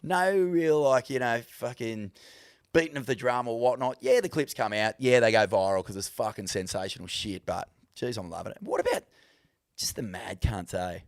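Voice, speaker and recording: A man's voice: mid-range voice, animated, a little fast, dry recording, clean studio sound. Sweary laid-back Australian man on a podcast. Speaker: podcast co-host. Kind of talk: casual chat.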